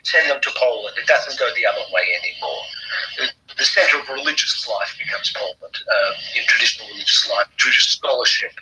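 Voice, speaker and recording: A man's voice: mid-range voice, animated, brisk, bright, forceful tone, poor audio. A man with an English accent, an author and historian talking at length in an interview, with many fillers and restarts. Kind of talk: conversational interview.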